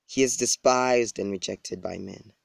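A man's voice: on the low side, a little slow, vocal fry, dry recording. A man giving a personal devotional talk, earnest and coaxing, with small laughs and restarts. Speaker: preacher.

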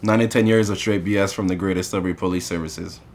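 A man casually telling an animated story in conversation, acting out the people he quotes. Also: deep voice, fast talker. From Canada.

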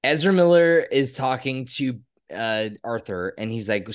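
A man co-hosting a podcast, talking casually and excitedly about a movie, given to swearing and rants. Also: medium pitch. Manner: animated, profane, quick to rant. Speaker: podcast co-host. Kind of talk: casual movie review chat.

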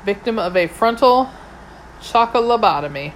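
Woman for first-person audiobook, wry delivery, lowish voice, faint hum in the background. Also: measured pace, poor audio. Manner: wry, dry humour. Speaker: audiobook narrator.

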